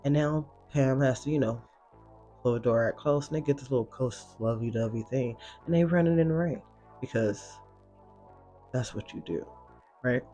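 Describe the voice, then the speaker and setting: A man hosting a casual reaction recap, talking in a slangy, expressive way and swearing freely. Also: mid-range voice, moderate pace, faint music behind. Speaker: reaction video host.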